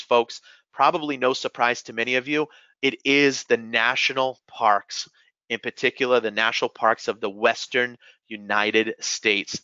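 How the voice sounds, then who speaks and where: A man's voice: mid-range voice, bright, forceful tone, clear, resonant tone, no echo, lo-fi sound. A man with a New England accent presenting a live sales webinar, upbeat and enthusiastic, often calling out to everyone.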